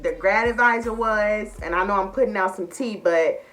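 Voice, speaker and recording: Young woman vlogger, chatty and open about feelings, mid pitch, faint music under her. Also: normal speed, fairly bright tone. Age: young adult. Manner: chatty, emotional, addresses viewers as y'all. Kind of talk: casual chat to camera.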